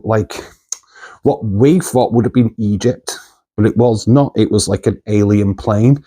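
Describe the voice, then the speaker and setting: A man's voice: lowish voice, mellow. A man from the UK, hosting a movie channel in a loose, rambling chat full of fillers and asides.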